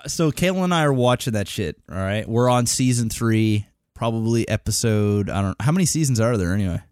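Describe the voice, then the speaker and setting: A man's voice: fairly low pitch, fairly quick, no echo, studio quality. Profane, rambling male podcast co-host. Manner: profane, rambling, animated storytelling. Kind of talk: casual chat.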